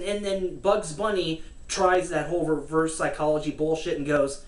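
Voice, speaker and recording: A woman's voice: low-pitched, fairly even intonation, normal speed, few pauses, far from the mic. A woman giving casual, sarcastic political commentary, cursing and laughing as she rants. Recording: roomy echo, from the mic, faint noise.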